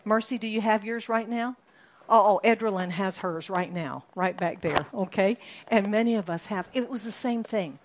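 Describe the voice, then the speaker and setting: A woman preaching a sermon to a congregation, animated and rising to sudden shouts for emphasis. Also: medium pitch, normal speed, background noise.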